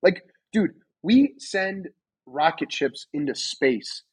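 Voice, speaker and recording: A man's voice: fairly high pitch, animated, takes it slowly, breathy edge, poor audio. A young man co-hosting a podcast, chatting casually and asking incredulous questions. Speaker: podcast co-host. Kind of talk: casual chat.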